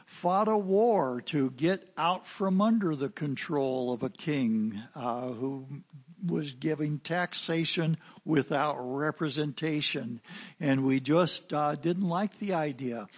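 An American man preaching a sermon, telling a story in an unhurried anecdotal way with some fillers. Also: fairly high pitch. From United States.

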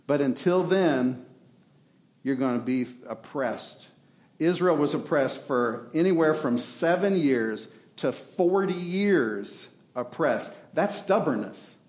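A man's voice: fairly high pitch, darkish tone, reverberant. A man preaching a sermon as pastor, impassioned, acting out prayers and answers to the congregation. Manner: impassioned preaching, acts out prayers and God's replies. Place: church.

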